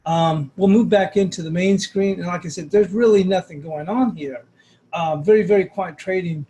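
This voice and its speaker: A man's voice: high voice, normal speed, mellow, breathy edge, low-quality recording. A man hosting a trading webinar, giving loose, rambling market commentary over a shared screen with many fillers and restarts.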